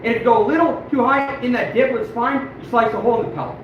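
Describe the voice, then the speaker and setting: Rapid-fire and very high-pitched, though with fairly even intonation, a fur trapper curses often and grumbles at himself while casually showing live-stream viewers his work. Frustration and self-deprecation color his talk. Lo-fi audio comes from a distant mic in an echoey room with background noise.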